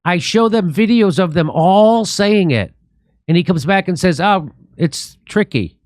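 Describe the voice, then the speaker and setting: A man's voice: high-pitched, expressive, measured pace, a little mellow, no echo, studio quality. A man hosting a political commentary talk show, ranting animatedly and mimicking friends in mocking voices. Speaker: comedian host.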